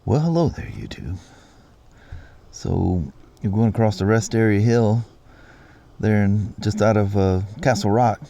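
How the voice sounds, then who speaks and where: A man's voice: on the low side, very animated, a little slow, creaky, mellow. A middle-aged man hosting a vlog, telling stories in a rambling, easygoing way with plenty of restarts. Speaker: vlog host. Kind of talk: casual chat.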